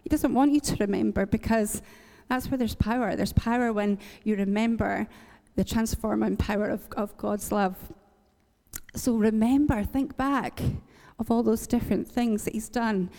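A woman's voice: fairly high pitch, fairly even intonation, moderate pace, mellow, big-room sound. A woman from Northern Ireland preaching a sermon, earnest and encouraging, repeating lines for emphasis. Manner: earnest, encouraging, with light laughs and repetition for emphasis.

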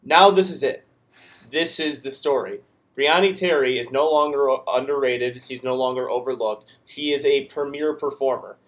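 Male co-host, mid-pitched, punchy and emphatic. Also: moderate pace, fairly bright tone. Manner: emphatic, building hype. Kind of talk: casual sports chat.

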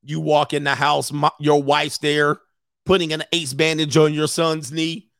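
A man hosting a live stream as a dating coach, ranting comically and acting out both sides of a story in quick voices, laughing often. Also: fairly high pitch, flat delivery, vocal fry, fairly bright tone, no room sound, studio quality. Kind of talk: casual comedic rant.

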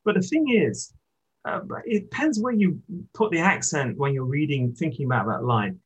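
A poet in conversation, speaking thoughtfully about poetry and pausing to restart his sentences. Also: a little high, expressive, husky, muffled recording. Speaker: poet, interviewee. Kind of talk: reflective literary conversation.

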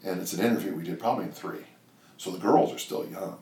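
An older man with a very low voice talks in a loose, rambling way, circling back with "you know" as he tells his stories. He sits back from the mic in an echoey room, with faint ambience behind him. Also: quick pace, gravelly, dark tone, distant mic, a little hiss or hum. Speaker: strength coach and guest. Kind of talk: casual interview storytelling.

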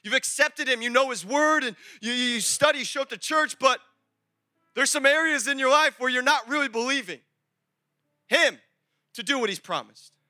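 A man preaching a sermon at a church service as pastor, energetic and emphatic, repeating phrases and acting out little dialogues. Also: very high voice, moderate pace, no room sound.

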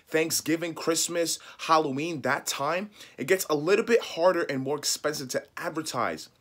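A man's voice: fairly high pitch, pushed and bright, husky. A man coaching loan officers on marketing, talking emphatically and pleading with listeners, often acting out sample calls and messages. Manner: emphatic, pleading, repeats points; acts out sample calls and texts. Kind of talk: direct-to-camera teaching talk.

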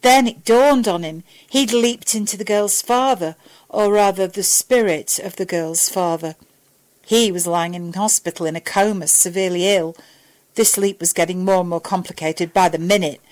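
A woman's voice: on the low side, normal speed, darkish tone, low-quality recording. Woman narrating a story steadily. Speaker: fan fiction reader. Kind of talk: audiobook narration.

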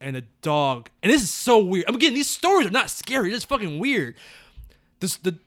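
Animated, lively-voiced man chatting on a podcast. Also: high-pitched, brisk, no echo, studio quality. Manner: animated storytelling, swears casually. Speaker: podcast co-host reviewing movies. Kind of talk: casual chat.

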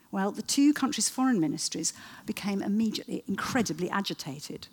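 A woman lectures on history to a live audience, telling it as a lively, digressive story. She pauses for wry asides and leans on frequent "uh"s. Her voice sits low and has a husky grain. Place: talk before an audience.

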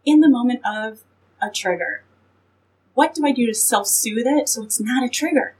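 A woman's voice: fairly high pitch, normal speed, a little mellow, breathy edge, rough recording. A woman who is a guest on a radio talk show, speaking candidly and thinking aloud as she goes. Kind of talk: conversational interview. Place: radio studio.

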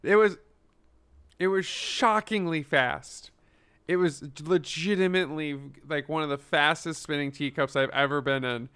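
A young man co-hosts a casual chat and tells stories with enthusiasm. His voice is bright and smooth and sits slightly high. He restarts his sentences often. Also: unhurried. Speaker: podcast co-host.

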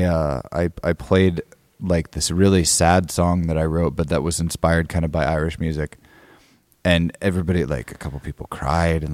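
Deep male guest, rambling anecdote with lots of fillers and restarts, dry close sound. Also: a little mellow, dry recording. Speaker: guest musician. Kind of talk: casual storytelling interview.

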